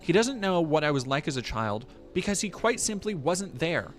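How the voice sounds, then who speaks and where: A man's voice: a little high, very animated, normal speed, soft background music. A man streaming, reading a news article aloud and breaking off with profane, sarcastic comments.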